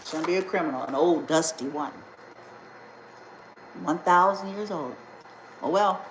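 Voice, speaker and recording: Brief: a low-voiced, indignant woman giving a spiritual vlog talk, emphatic and profane, roomy echo. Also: a little slow, slight background noise. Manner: blunt, indignant, emphatic, swears freely. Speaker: spiritual healer.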